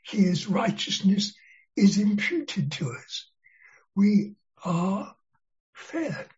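Slow, earnest preacher on a dull recording. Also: medium pitch, sing-song, darkish tone. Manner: slow, deliberate and earnest, stressing key words. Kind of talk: expository sermon.

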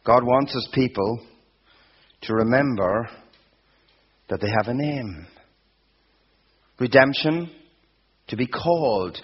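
Preaching a sermon slowly and deliberately, a man with a husky, lowish voice and lively intonation builds emphatic, repeated phrases. The audio sounds dull and lo-fi.

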